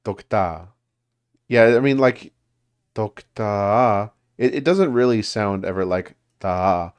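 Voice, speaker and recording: A man's voice: fairly low pitch, normal speed, clear, resonant tone. A man leading a language study group, explaining grammar casually with many fillers and restarts. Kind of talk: casual teaching over a call.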